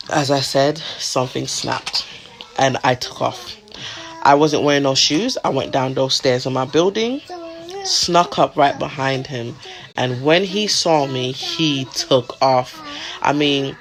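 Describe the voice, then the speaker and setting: A woman vlogger candidly telling a personal story, emotional and shifting between hushed and raised passages. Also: a bass voice, a little hiss or hum.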